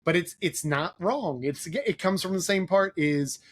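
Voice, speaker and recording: A man's voice: high voice, a little slow, a little hiss or hum. A young man hosting a podcast, chatting casually with a guest. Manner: casual, conversational, some fillers. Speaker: podcast host. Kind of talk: podcast interview.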